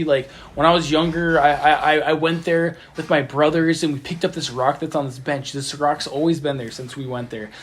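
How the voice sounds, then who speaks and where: A young adult man with a fairly high voice hosts a casual podcast with friends, telling a story full of stammered repeats. It was recorded on a phone voice memo app, with slight background noise.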